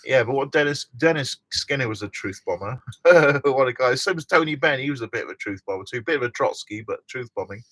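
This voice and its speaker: A man's voice: medium pitch, animated, fairly quick, hardly any pauses, a bit bright, dry recording. A middle-aged man hosting a casual live stream from inside a motorhome, chatting and reading out viewer comments with frequent laughs.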